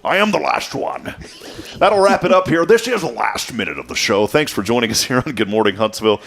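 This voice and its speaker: A man's voice: medium pitch, expressive, gravelly, fairly bright tone. A man hosting a local morning talk show, upbeat and jokey in casual on-air chat. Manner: upbeat, jokey, talks fast.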